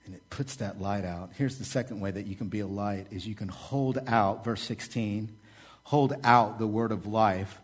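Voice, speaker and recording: A man, the pastor, preaching a sermon with energetic, repetitive rhetoric and casual asides. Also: on the low side.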